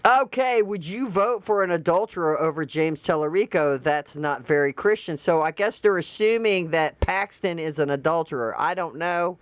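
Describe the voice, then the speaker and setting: A woman's voice: low-pitched, expressive, normal speed, no echo. A woman hosting online commentary, reading social media posts aloud with incredulous, sarcastic asides. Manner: reads posts aloud and laughs.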